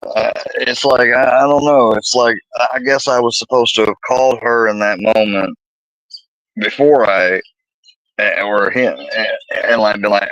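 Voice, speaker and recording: A man's voice: on the low side, fairly even intonation, unhurried, fairly bright tone, no room sound, lo-fi sound. A young man ranting about a personal dispute, profane and rambling, exasperated. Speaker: vlogger telling a personal story. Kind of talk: heated personal rant.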